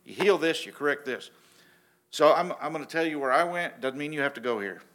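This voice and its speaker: A man preaching a sermon in a casual, animated storytelling way, often restarting his sentences. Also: on the high side, a little fast. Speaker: pastor.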